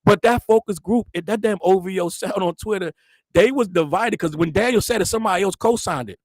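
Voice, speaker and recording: Male host, high voice, rapid rambling commentary, laughs through his lines. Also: dry recording, clean studio sound. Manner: profane, rambling, laughs mid-sentence; mimics other people in quick quotes. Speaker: show host. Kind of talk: casual pop-culture commentary.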